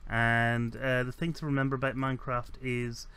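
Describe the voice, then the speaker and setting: A man talks through a building game at an easy, conversational clip, pitched in a plain middle register. He wanders, corrects himself mid-sentence and leans on filler ums. Dry, self-mocking asides slip in between the steps. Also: level tone, moderate pace, sharp tone, clean tone. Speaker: let's play host. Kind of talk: casual gameplay commentary.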